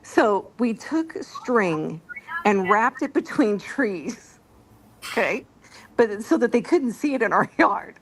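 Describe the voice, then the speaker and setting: A woman's voice: medium pitch, very animated, takes it slowly, a little hiss or hum. A middle-aged woman hosting a casual chat, telling stories and laughing often as she talks. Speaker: stream host.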